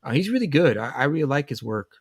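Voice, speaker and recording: This man hosts a laid-back comic livestream in a dry, close sound. His pitch sits in a middle range for a man. He talks easily, often stumbling and restarting his phrases. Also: sing-song, quick pace, breathy edge, no room sound. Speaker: host. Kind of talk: casual livestream chat.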